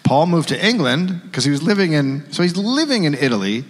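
A man's voice: fairly high pitch, very animated, fairly quick. A man co-hosting a live comedy podcast, telling a history story with a wry manner. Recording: live show in a hall.

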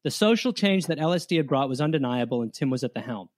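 A man's voice: medium pitch, expressive, quick pace. A man hosting a comedy podcast, telling a history story in a loose, joking way with asides. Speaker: podcast host.

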